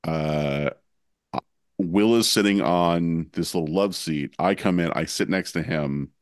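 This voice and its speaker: A podcast co-host tells a prank story in casual conversation, giggling as he hunts for words. His low voice moves at a measured pace with a clean tone, recorded dry in studio quality.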